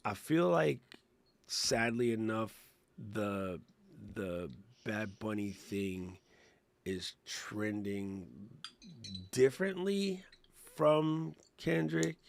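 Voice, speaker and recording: A man's voice: fairly low pitch, expressive, extremely slow, creaky. A middle-aged man co-hosting a podcast, chatting casually and laughing as he explains things step by step. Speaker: podcast co-host. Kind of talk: casual tech and creator chat.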